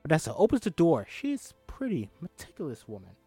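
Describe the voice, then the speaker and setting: Animated man reading a script with jokes. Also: a little high, quick pace, slightly rough, dry recording, soft background music. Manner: irreverent, swearing asides. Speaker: podcast host reading a screenplay. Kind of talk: comedic script read-through.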